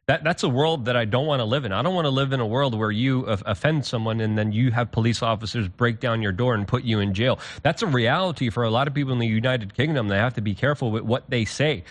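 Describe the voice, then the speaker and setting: A man's voice: mid-range voice, fast, hardly any pauses. Talk show guest, man, heated, repeats words as he goes. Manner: heated, repetitive restarts.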